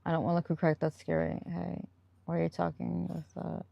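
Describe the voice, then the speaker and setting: A woman hosting a relaxed live stream, chatting loosely with viewers and drifting from one story to the next with frequent laughs. Her voice sits low and has a gravelly, fried edge. The sound is close and dry, with no room echo. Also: a little fast, dull audio. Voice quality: chatty and rambling, laughs often. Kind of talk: casual live-stream chat, answering viewer comments.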